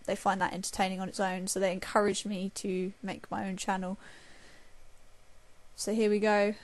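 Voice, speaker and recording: A woman's voice: mid-range voice, level tone, normal speed. A young woman, chatting casually and raging while she plays a shooter game. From England. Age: young adult. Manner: chatty, swears and rages at the game. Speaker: gamer. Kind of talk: casual gameplay commentary.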